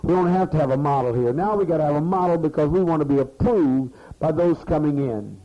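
A man's voice: fairly high pitch, fairly quick. A man leading a community meeting, giving a rambling, profane, scolding speech to the people gathered there, heard on a muffled archival tape. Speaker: leader addressing a community meeting.

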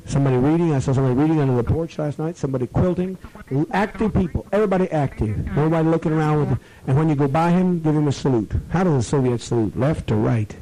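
A man leading a gathering, who rambles, swears freely and gives orders, sometimes slowing into a drawn-out, soothing tone. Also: fairly high pitch, dark tone, low-quality recording. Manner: profane, commanding, rambling; slows to a drawn-out, soothing tone at times. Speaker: community leader addressing members.

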